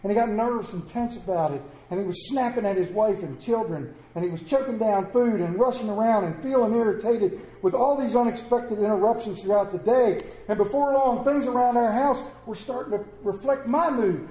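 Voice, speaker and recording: High-voiced pastor preaching in an echoey church. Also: male voice, brisk, hardly any pauses. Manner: animated, swinging from loud to hushed, humorous asides. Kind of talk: sermon.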